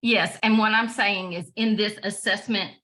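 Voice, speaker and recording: A woman's voice: mid-range voice, steady tone, moderate pace, sharp tone. A woman on a video call asking a question in a training session, thinking aloud with hesitant fillers. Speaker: trainee adjudicator.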